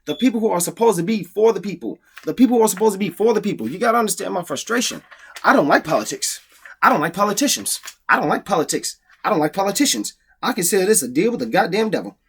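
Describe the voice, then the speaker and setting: A man hosting a political commentary video, ranting bluntly, swearing often and repeating his points for emphasis. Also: high voice. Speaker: comedian. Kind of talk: profane political rant to camera.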